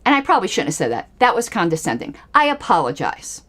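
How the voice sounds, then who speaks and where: A woman's voice: fairly low pitch, sing-song, fast talker, fairly bright tone. A woman hosting a livestream, giving angry, emphatic political commentary with pointed repetitions. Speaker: livestream host.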